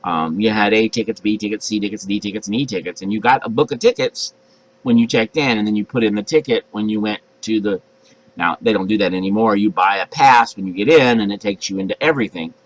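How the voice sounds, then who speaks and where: An older man, a pastor, preaching a sermon in a chatty, animated way and acting out voices. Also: on the low side, fast talker, low-quality recording. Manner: conversational, animated, acts out voices.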